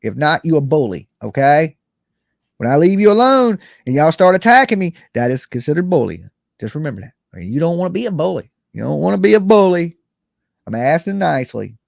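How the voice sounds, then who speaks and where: A man's voice: on the high side, big pitch swings, brisk, creaky, no echo, clean studio sound. A man, just woken up, ranting casually as a livestream host, rambling and repeating "okay" and "you know what I'm saying".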